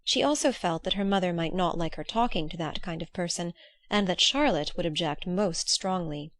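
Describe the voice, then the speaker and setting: A woman narrating a classic novel in a measured, steady audiobook reading. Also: lowish voice, dry recording. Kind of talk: scripted narration.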